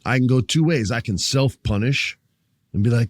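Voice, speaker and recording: A man's voice: normal speed, no echo. A man hosting a casual wrestling podcast, talking animatedly, swearing freely, joking with listeners and acting out wrestlers' lines. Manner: animated, acts out wrestlers' lines in higher, louder voice. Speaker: podcast host.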